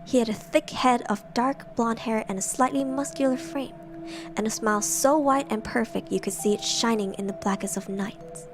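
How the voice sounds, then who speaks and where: A young woman reads a horror story aloud in a soft, hushed semi-ASMR voice, pitched a little high. She breaks off now and then for giggly asides. Faint music plays behind her. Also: moderate pace. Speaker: streamer reading horror stories.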